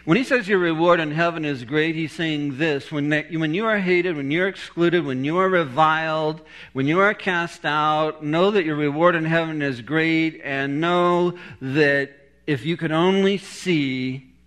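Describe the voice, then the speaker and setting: A man's voice: a little high, unhurried, a bit bright. A middle-aged man preaching a sermon, telling a story with humor and laughing at his own jokes.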